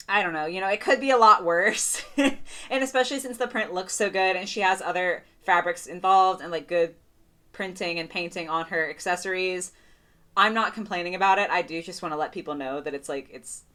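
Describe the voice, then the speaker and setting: A young woman giving a casual, gushing doll review, full of fillers and excited praise. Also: lowish voice. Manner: gushing, chatty, lots of "like" fillers.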